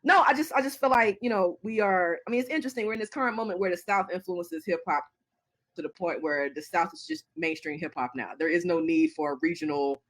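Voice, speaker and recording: A woman's voice: fairly low pitch, fast talker. A woman answering interview questions casually, chatty and laughing, with many fillers and restarts. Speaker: interview guest.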